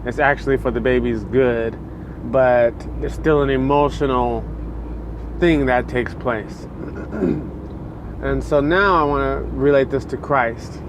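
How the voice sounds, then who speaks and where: A man's voice: medium pitch, takes it slowly, background noise. Man giving a loose, chatty devotional talk. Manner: conversational and loose, many fillers like "you know" and "like". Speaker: preacher.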